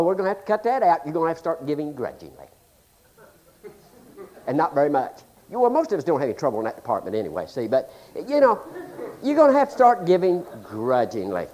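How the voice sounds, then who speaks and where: A man preaching a humorous sermon in a folksy, joking way, swinging between loud exclamations and hushed asides. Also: fairly high pitch, lo-fi sound. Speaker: pastor.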